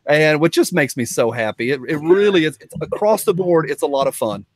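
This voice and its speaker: Joking Tennessee man with a higher voice. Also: lively intonation, fairly quick, slight background noise. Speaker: podcast guest. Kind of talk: casual chat over a video call. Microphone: video call.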